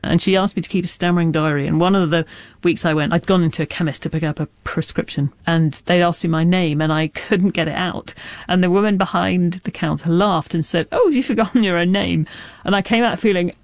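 A woman's voice: fairly low pitch, steady tone, brisk, hardly any pauses, dry recording, studio quality. A middle-aged woman author who stammers, speaking candidly with restarts and asides in an interview. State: lives with a stammer. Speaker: author guest. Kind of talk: reflective interview talk.

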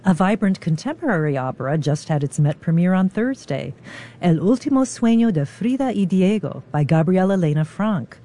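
A radio interviewer giving scripted introductions and asking measured questions. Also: medium pitch, animated, warm tone.

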